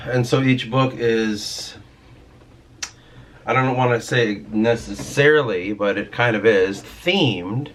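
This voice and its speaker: There's slight background noise as this man, whose voice sits lowish, rants in a casual vlog. A writer by trade, he grumbles about his work and his writing, rambling on and cursing without restraint.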